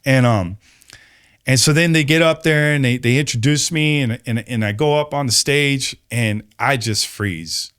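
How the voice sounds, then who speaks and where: A man telling a personal story in casual conversation, animated, acting out quoted voices and peppering his speech with fillers. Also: moderate pace, clean tone. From Chicago, USA. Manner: animated storyteller, acts out quotes with rising pitch, many fillers. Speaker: podcast guest.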